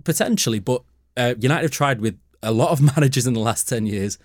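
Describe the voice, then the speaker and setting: A man's voice: medium pitch, brisk, no room sound, studio quality. A man arguing football opinions emphatically in a casual panel chat.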